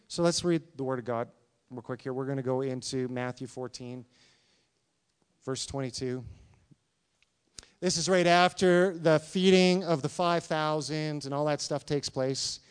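A man preaching a sermon, reading scripture and asking the congregation questions in an animated, conversational way. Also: on the high side, measured pace, smooth, no room sound. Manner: animated, talks to congregation with questions, acts out quotes. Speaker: pastor.

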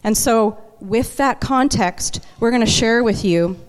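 Woman preaching in a reverberant hall. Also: on the high side. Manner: conversational and emotional, slows for emphasis. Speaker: worship leader preaching. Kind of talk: sermon. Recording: long church hall reverb.

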